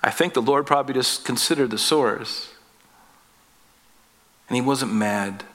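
A man preaches a conversational sermon as a pastor, speaking a little slowly. He's folksy and jokey, calls his listeners folks and guys, and gets higher and louder on emphatic points.

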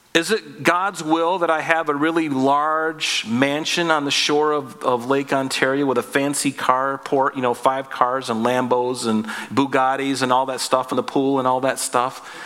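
Male pastor, chatty Bible teaching with rhetorical questions, a bit high-pitched, long hall reverb. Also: pushed and bright. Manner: conversational, with joking asides and rhetorical questions.

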